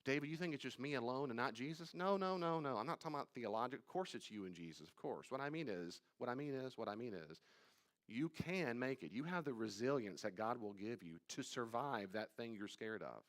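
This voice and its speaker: A man, a pastor, teaching a live Bible study class, talking straight to his listeners with emphatic repetition and sudden drops to quiet asides. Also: mid-range voice, big pitch swings, a little fast. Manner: conversational, addresses listeners directly.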